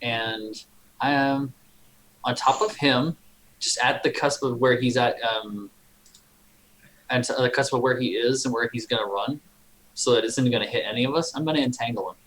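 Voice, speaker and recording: A man playing a tabletop game, calmly explaining his character's actions. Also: medium pitch, normal speed, long pauses, rough recording. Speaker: player. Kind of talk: casual tabletop play.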